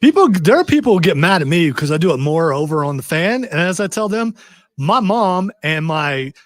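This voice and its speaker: A man's voice: a little high, big pitch swings, moderate pace, dry recording, studio quality. A man hosting a podcast in casual, joking chat, laughing often as he runs the show. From family from Kentucky. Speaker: podcast host.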